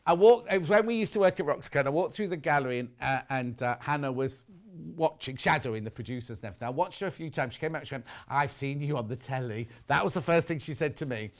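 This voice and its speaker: A man's voice: fairly high pitch, fast, few pauses. A middle-aged man presenting fabrics on a live shopping show, chatty and teasing. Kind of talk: live sales presentation with chat.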